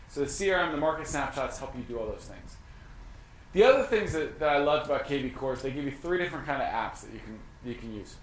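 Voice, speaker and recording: A man with a fairly high voice presents an information session in a lively, conversational way and often slips into quick acted-out exchanges with clients. The room is echoey, and a faint hiss sits under his voice. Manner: energetic, conversational, acts out client dialogue. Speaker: real estate brokerage leader.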